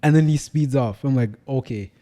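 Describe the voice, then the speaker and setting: A man's voice: medium pitch, moderate pace. A young man, co-hosting a casual podcast chat and telling stories with rising animation. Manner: animated storyteller who gets loud and heated. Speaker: podcast co-host.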